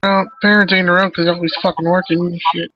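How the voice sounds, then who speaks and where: A man with a high, flat voice fires off blunt, crude remarks at a quick clip in an online lobby chat. The audio is dull and lo-fi. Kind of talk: casual voice chat.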